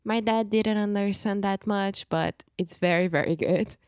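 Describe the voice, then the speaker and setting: A woman's voice: medium pitch, steady tone, unhurried, a little mellow, clear, resonant tone, no room sound, clean studio sound. A Brazilian woman with a Portuguese accent, co-hosting a casual podcast in English, enthusiastic and sometimes searching for the right word. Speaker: podcast co-host. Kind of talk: casual chat.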